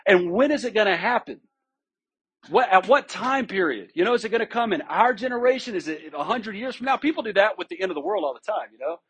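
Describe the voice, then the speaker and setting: A male pastor delivers an expository sermon in a high-pitched, somewhat husky voice. He talks conversationally, stresses key words, and often doubles back on a phrase before finishing it. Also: expressive, quick pace, a bit bright. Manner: conversational and emphatic, with frequent restarts and checks with listeners.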